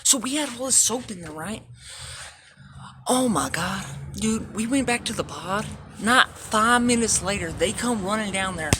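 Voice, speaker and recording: A woman's voice: mid-range voice, moderate pace, pushed and bright, a little hiss or hum. Profane, laughing woman telling stories. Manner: profane, laughing, rambling anecdotes. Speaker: vlogger. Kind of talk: casual storytelling.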